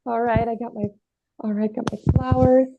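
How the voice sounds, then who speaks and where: A woman's voice: fairly high pitch, flat delivery, normal speed, creaky, background noise. A woman improvising a giddy, vain young bride who gushes about everything being perfect, in a live improv scene over a video call. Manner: gushing, repeats "perfect" and "great". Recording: dry tinny phone-like line.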